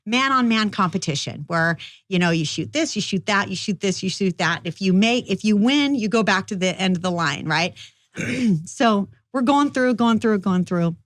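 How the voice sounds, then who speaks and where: A woman's voice: mid-range voice, animated, moderate pace, no room sound. A middle-aged woman, a firearms instructor, telling her story in a casual, rambling interview with lots of fillers. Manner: chatty, rambling, many fillers.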